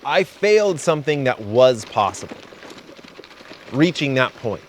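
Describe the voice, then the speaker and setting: A man of ordinary pitch who runs a cycling vlog talks in an earnest, reflective way, in short broken phrases. A faint background noise sits under his voice. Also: very animated, measured pace. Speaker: cyclist and channel host. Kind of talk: confessional vlog narration.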